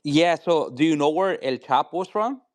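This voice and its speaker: A man's voice: a little high, animated, moderate pace, no room sound. A man from Mexico with a Mexican accent, calling into a talk show and speaking earnestly with many fillers. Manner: earnest, filler-heavy, with many "you know"s. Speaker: caller. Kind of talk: casual call-in chat.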